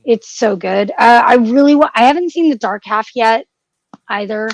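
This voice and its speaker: A woman's voice: on the high side, moderate pace, dry recording. A woman co-hosting a casual podcast chat, gushing and emotional, with frequent restarts and fillers. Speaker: podcast co-host.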